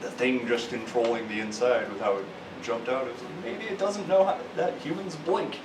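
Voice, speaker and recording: A man's voice: medium pitch, moderate pace. A man playing a tabletop role-playing game who talks in a wry, thoughtful way. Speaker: player. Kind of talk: casual chat at a tabletop game. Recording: distant voice in an echoey room with noise.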